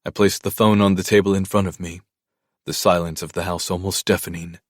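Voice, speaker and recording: Male audiobook narrator, deep and even, dry close-miked studio read. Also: fairly quick, no echo. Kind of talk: first-person audiobook narration.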